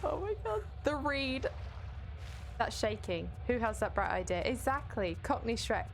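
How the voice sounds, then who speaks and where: A woman's voice: fairly high pitch, animated, a little slow, slight background noise. A young Scottish woman casually commentating a video game stream, chatty and swearing now and then while she answers her chat.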